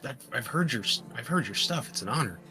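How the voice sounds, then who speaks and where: A man's voice: mid-range voice, animated, fast talker, sharp tone, faint music behind, voice pushed up. A man playing a shy stammering street drummer. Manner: hesitant, stammering, self-deprecating.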